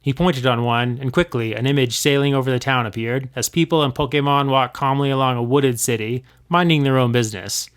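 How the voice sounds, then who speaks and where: Male reader narrating fan fiction, expressive, middle pitch. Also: brisk, few pauses, smooth. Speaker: reader of his own old fanfiction. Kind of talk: reading a story aloud.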